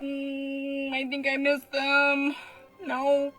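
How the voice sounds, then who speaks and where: A woman's voice: sits high, a little slow, pushed and bright, soft background music. A woman, a mom, talking to herself in a wry, chatty, self-deprecating comedy monologue.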